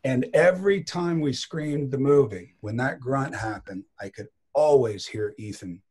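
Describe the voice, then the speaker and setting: A man's voice: medium pitch, a little slow, breathy edge. A middle-aged man, an actor, telling casual anecdotes in an interview and acting out what others said. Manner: animated anecdotes, quotes others in voices. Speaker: actor guest.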